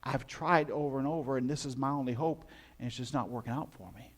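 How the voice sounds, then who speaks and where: A man's voice: mid-range voice, fast talker, natural voice. A man voicing a long-suffering sick man who has waited years by a pool, speaking in a plaintive, resigned, matter-of-fact way.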